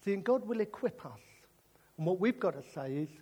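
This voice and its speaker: A man's voice: high voice, brisk, breathy edge. A British man preaching a sermon, joking through a comic story and then turning earnest. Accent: British English. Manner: animated and jokey, drifting into earnest preaching.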